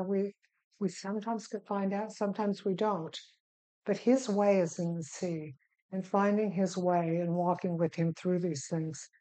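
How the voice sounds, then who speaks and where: A middle-aged woman leads a devotional Bible teaching, her voice low and warm. She takes her time, pausing gently with soft fillers, and reads scripture in a slow, deliberate way. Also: poor audio. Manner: unhurried, gentle, with filler pauses.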